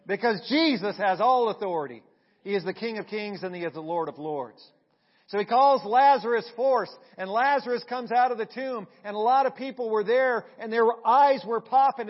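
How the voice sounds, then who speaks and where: A man preaching a sermon with a fairly high voice. He quizzes the congregation and moves between hushed, low passages and loud peaks. The church recording sounds dull and lo-fi. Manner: asks the congregation questions, swings from hushed to loud. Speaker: pastor. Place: church sanctuary.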